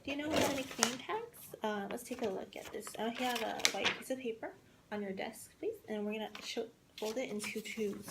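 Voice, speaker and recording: A woman's voice: fairly high pitch, brisk, very noisy. A woman from Southern California teaching a class in a chatty way, with many fillers.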